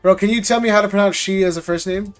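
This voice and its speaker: A man's voice: high-pitched, fairly even intonation, fast, soft background music. A man hosting a live stream, chatting casually and jokingly with viewers in loose slang, often repeating words as he goes. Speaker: live-stream host opening trading card packs.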